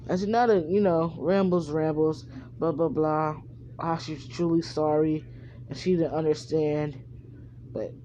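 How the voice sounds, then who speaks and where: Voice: medium pitch, warm tone, muffled recording, slight background noise. A fan storyteller improvising a story, rambling and full of fillers.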